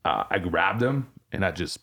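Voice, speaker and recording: Male podcast guest, deep-ish voice, candid and profane, loose rambling delivery. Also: expressive, normal speed, vocal fry, a bit bright. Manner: rambling, profane, restarts his sentences. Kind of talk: candid storytelling.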